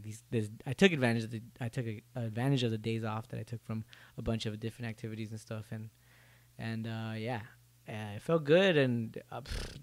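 A man's voice: medium pitch, dry recording. Young man, solo podcast host, casual profane rambling, jokey, dry recording.

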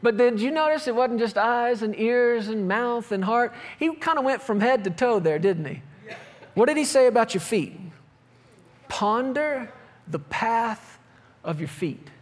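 A man's voice: sits high, big-room sound. A male pastor preaching a sermon, telling a personal story with laughter, then reading and explaining scripture.

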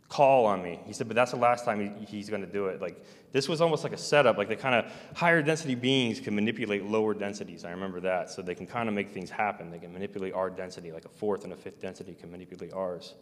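A man telling a personal story in a rambling, halting way, full of restarts and trailing-off phrases. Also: fairly low pitch, long reverb tail.

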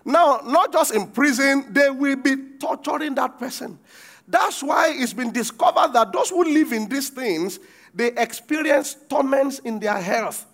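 High-voiced preacher quizzing his flock. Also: lively intonation, unhurried. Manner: quizzes the congregation, acts out quoted lines with shouts. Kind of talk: sermon with call-and-response.

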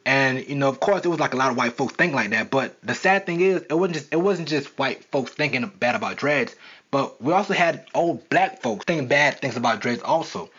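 Expressive and a little fast, a young Southern man hosts an unscripted solo podcast in a medium-pitched, fairly bright, slightly rough voice. He chats casually and rambles with lots of fillers, and the sound quality is dull and lo-fi.

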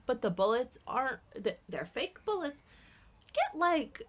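A woman's voice: sits high, big pitch swings, a little slow. A woman co-hosting a casual podcast chat, mostly reacting and adding short asides. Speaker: podcast co-host.

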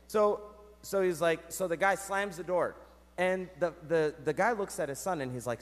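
A male priest preaching a sermon, telling stories in an animated way with wide swings in loudness and pitch. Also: normal speed. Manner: animated storytelling with big swings in pitch and volume. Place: church. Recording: echoey church hall.

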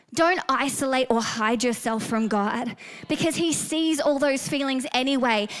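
A woman's voice: sits high, a bit bright. A woman with an Australian accent preaching a sermon, earnest and storytelling, rising to fervent emphasis.

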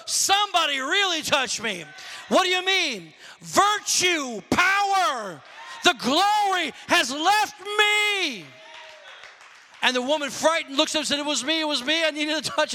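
A pastor preaches with fervor, his voice striking for a man in how high it sits. His tone is bright and forceful, often climbing into shouts. It rings out with the long reverb of a large hall. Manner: impassioned preaching, rising to shouts. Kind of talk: sermon.

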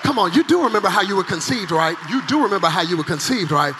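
A male pastor preaching a dramatic sermon at a conference, swinging between loud acted cries and hushed, intense passages. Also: sits high, animated, fast, noisy background. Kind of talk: energetic sermon. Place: large conference hall. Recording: live sermon with hall reverb and faint music.

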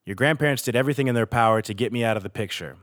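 A man in his thirties, a podcast host, reading a personal letter aloud in a steady, earnest way with pauses. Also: mid-range voice, no echo, studio quality.

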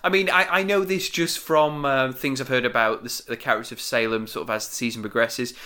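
A man hosting a casual chat, recapping a show episode with a lively storytelling manner. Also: mid-range voice, brisk, clean tone. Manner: lively storytelling with frequent laughs. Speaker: podcast host recapping the episode.

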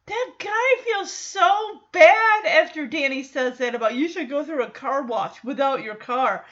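A woman's voice: high-pitched, animated, a little slow, a bit bright, muffled recording. A woman casually recapping a sitcom episode, chatty, laughing often and quoting the characters.

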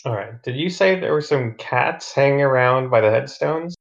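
A man playing in a tabletop game, relaxed and easygoing. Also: medium pitch, moderate pace, creaky, dull audio. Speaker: player. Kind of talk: casual tabletop role-play.

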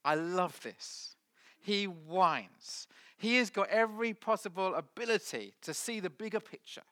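A man preaching a sermon to a congregation, with dramatic swings from loud to hushed. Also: high voice, expressive, measured pace. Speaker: pastor. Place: church hall with audience.

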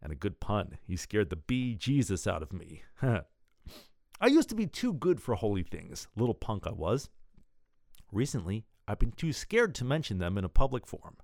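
A man's voice: lowish voice, sing-song, normal speed, creaky, a little mellow, dry recording, clean studio sound. A man hosting a show, reading a wry, pun-loving column and a serial story. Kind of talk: scripted column and serial narration.

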